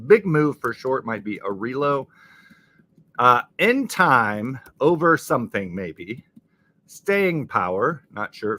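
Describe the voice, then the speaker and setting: A man talks through a live crossword stream in a very lively, animated voice that swoops up and down. His tone is bright and forward, and he laughs easily and slips in playful asides as he reads viewers' comments. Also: medium pitch. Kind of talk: casual live-stream chat, reading chat comments.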